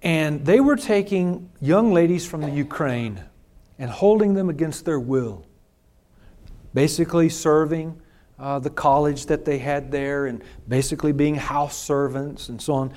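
A man's voice: fairly high pitch, measured pace, a little mellow. A male pastor preaching a sermon, telling a personal story in an emphatic, conversational way.

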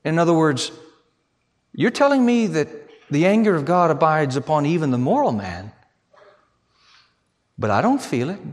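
Preacher guy, really high voice, slow, goes from shouting to almost whispering. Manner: swings from shouting to hushed near-whispers. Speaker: pastor. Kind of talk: sermon.

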